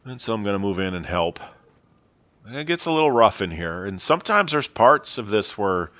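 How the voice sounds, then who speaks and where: A man, a horse trainer, calmly talking over his riding footage, explaining in a plainspoken, self-critical way. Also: lowish voice, normal speed, lo-fi sound.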